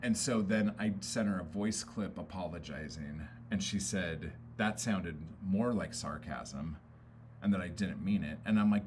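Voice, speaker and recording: A man's voice: low-pitched, unhurried, a little mellow, slight background noise. A man venting on a casual livestream, frustrated and rambling, swearing often and filling gaps with "um" and "like". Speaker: poet and streamer.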